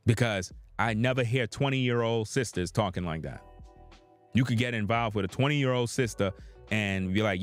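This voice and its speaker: A man's voice: on the low side, moderate pace, faint music behind. A man giving opinionated reaction commentary, blunt and profane, addressing his viewers directly.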